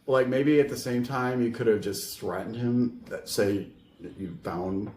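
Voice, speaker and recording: A man's voice: medium pitch, moderate pace, a little mellow. A man co-hosting a podcast, chatting in an easygoing way, often hesitant and full of fillers. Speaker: podcast co-host. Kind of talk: casual chat. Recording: echoey room.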